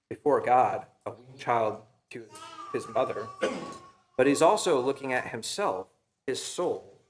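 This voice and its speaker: Casual young man preaching a sermon. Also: mid-range voice. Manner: casual, storytelling, frequent fillers and "right?". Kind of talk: conversational sermon. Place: church sanctuary.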